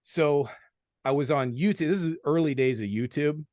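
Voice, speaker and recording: A man in his forties, a podcast guest, telling stories in a blunt, animated way with plenty of swearing. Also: on the high side, moderate pace, dry recording, studio quality. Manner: blunt, profane, animated storytelling. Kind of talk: casual storytelling.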